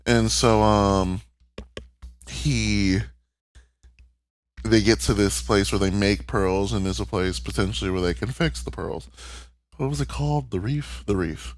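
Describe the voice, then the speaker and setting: A man's voice: lowish voice, measured pace, pauses often, dry recording. A man co-hosting a podcast, talking candidly and emotionally in casual chat, swearing freely. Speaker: podcast co-host. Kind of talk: casual chat recapping a cartoon.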